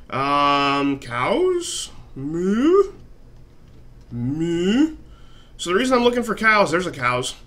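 A man's voice: on the high side, pushed and bright, slight background noise. A man casually narrating his own gameplay, rambling and swearing freely with a self-mocking streak. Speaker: gaming channel host. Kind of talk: casual let's-play commentary.

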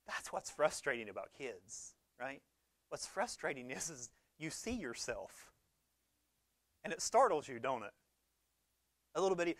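A man, preaching a conversational sermon that swings between loud emphasis and quiet low talk. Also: animated, normal speed, no echo. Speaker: pastor.

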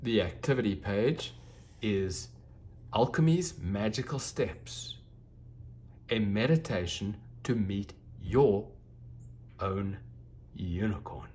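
A man reading a children's storybook aloud, gentle and expressive. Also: fairly low pitch, takes it slowly, pauses often, a little hiss or hum.

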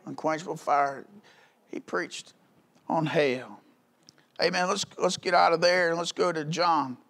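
In a church, a pastor preaches a folksy, conversational sermon full of quick rhetorical questions. His voice is high for a man, bright and forceful, and at the climaxes it swells into loud, urgent calls.

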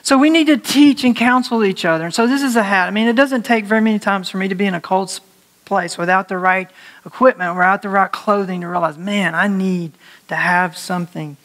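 A male pastor preaching a conversational sermon to his congregation, animated and joking, laughing at his own slips of the tongue. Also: high voice, fast talker. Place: church sanctuary before a congregation.

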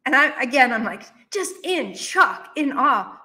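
A woman telling a personal story in a conversational interview, with animated, emphatic delivery. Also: high-pitched, unhurried. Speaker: guest. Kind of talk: storytelling in a podcast chat.

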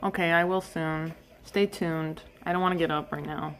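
A woman's voice: deep voice, steady tone, moderate pace. A young woman streamer chatting casually and rambling while dog sitting at someone's house. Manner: chatty, rambling, self-talk with fillers. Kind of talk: casual live-stream chat.

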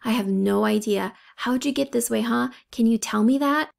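A woman's voice: fairly high pitch, normal speed, creaky. A woman voicing a frightened teenage hockey boy who pleads with a friend. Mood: steady.

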